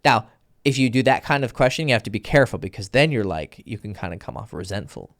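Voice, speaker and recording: A man's voice: on the low side, expressive, fast. A man giving dating advice in a casual, blunt and profane way, often acting out both sides of a conversation. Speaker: dating coach. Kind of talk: casual instructional talk.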